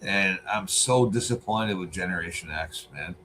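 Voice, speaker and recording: A Canadian man in his forties talks over a debate clip in a loose, profane way, full of asides and curses. His voice sits low, and a faint hiss runs under it. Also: normal speed, sharp tone, poor audio. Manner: blunt, swearing, rambling asides. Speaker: streamer reacting to a debate. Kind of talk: casual profane commentary.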